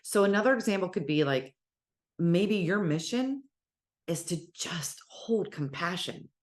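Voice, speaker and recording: A woman teaching casually about spirituality, speaking in an animated, encouraging way and sometimes cheering in playful voices. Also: lowish voice, unhurried. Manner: warm encouraging address.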